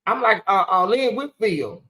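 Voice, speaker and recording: Animated ranting woman live-streamer. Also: medium pitch, a little slow. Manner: animated, ranting, laughs often. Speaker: livestream host. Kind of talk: casual live-stream chat.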